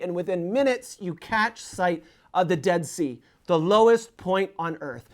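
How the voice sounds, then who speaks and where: A man hosting a scripted travel talk, listing places in a lively, humorous way. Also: high voice. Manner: lively, humorous list-making. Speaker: host.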